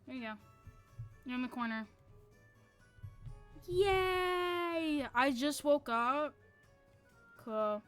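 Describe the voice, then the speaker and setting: A woman's voice: a little high, steady tone, measured pace, pauses often, fairly bright tone, clean tone, soft background music. A woman streaming a game, chatting casually with a loose, profane, self-mocking manner. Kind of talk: casual live-stream chat.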